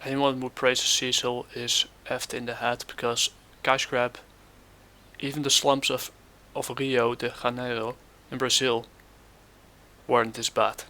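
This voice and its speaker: Man, reaction commentary host, gravelly voice, flat delivery, scornful, halting. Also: mid-range voice. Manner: scornful, halting with many fillers.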